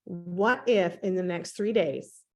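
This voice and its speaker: A woman's voice: on the low side, slow pace, darkish tone, faint music behind. Upbeat woman coaching her team. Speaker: team leader hosting a call. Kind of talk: motivational team call. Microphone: online call.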